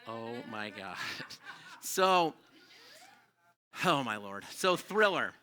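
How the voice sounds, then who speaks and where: A man's voice: mid-range voice, big pitch swings, very slow, pushed and bright. A middle-aged man performing a live stand-up set in a comedy club, rambling and self-deprecating and swearing freely.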